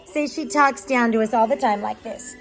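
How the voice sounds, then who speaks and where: A woman's voice: on the high side, moderate pace, soft background music, lightly acted. A woman voicing wry teasing puppies. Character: puppies teasing their baby-talking owner.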